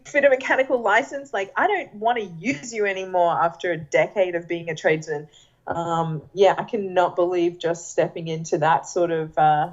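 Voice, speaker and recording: A woman's voice: fairly low pitch, darkish tone, muffled recording. A woman in her thirties with an Australian accent, chatting casually as a podcast guest and laughing at herself. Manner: chatty, laughs easily, self-mocking.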